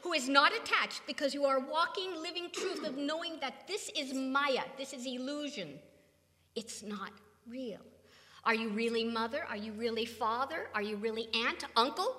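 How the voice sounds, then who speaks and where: A woman's voice: high-pitched, normal speed, bright, forceful tone. An older woman from California giving an emphatic spiritual talk to an audience. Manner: emphatic, preaching. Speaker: spiritual teacher. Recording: long hall reverb.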